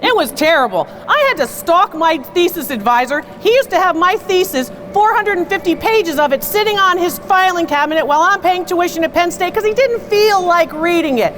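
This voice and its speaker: A woman's voice: very high-pitched, expressive, a little fast, few pauses, a bit bright. A woman antiques appraiser doing a live comedic appraisal show, teasing and bantering with her audience.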